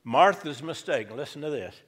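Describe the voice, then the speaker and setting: A man's voice: a little high, lively intonation, moderate pace, fairly bright tone, slightly rough. A male pastor preaching a sermon, emphatic and repeating his key lines for effect. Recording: reverberant church hall.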